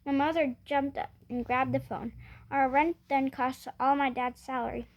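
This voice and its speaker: A woman's voice: high-pitched, little pitch movement, normal speed, lo-fi sound. A woman reading a children's novel aloud in first person, often restarting words. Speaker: reader.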